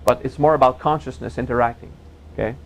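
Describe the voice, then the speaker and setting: A man teaching a spiritual seminar in a gentle, playful way, joking with his audience and laughing at his own jokes. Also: mid-range voice, fast talker, vocal fry, poor audio. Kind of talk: relaxed seminar talk.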